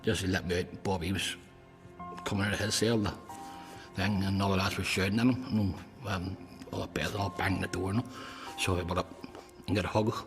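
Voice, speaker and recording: A man, a former prisoner, recalling events bluntly in halting speech that goes soft at emotional moments. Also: deep voice, fairly even intonation. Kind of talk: recollection in interview. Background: clear music.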